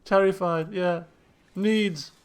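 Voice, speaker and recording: A man's voice: sits high, steady tone, takes it slowly, smooth. A man streaming a colony sim game live, chatty and thinking aloud while talking to his chat. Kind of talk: casual live game commentary.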